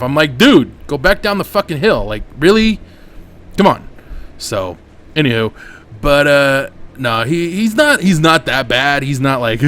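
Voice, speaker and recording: Gaming host, man, mid-pitched, tells rambling candid stories with plenty of swearing, home desk mic. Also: a bit bright. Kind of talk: casual storytelling over gameplay.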